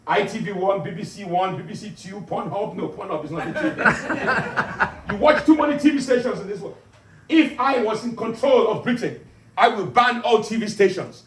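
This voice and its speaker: A man's voice: lively intonation, fairly quick, slight background noise. A man performing stand-up as a boastful, bombastic self-styled male African dictator who lectures and teases his audience. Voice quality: booming, boastful, commanding. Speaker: stand-up comedian. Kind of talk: character stand-up comedy. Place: pub gig room. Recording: echoey pub, distant mic, loud crowd.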